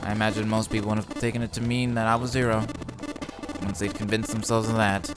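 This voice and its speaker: Man voicing a smug, composed male game character with a low, deliberate delivery. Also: little pitch movement, music in the background, natural voice. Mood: calm.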